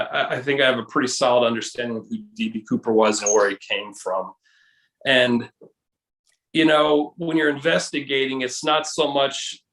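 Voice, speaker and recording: A man's voice: mid-range voice, a bit bright, reverberant, rough recording. A man guest in a casual video chat, explaining at length with many restarts and hesitations. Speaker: guest, case researcher.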